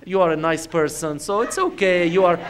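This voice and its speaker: A man's voice: sits high, brisk, slight background noise, lightly acted. A man doing a tired wife sweet-talking. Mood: coaxing. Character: tired busy wife and mother, coaxing and sweet.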